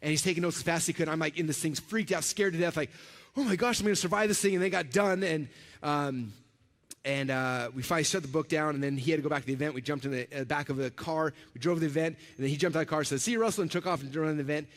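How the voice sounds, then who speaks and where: A man giving a storytelling keynote at a conference. He talks in an animated way and acts out the voices of the people in his stories. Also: on the high side, quick pace. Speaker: conference speaker. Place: large event hall with a live audience. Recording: reverberant hall recording.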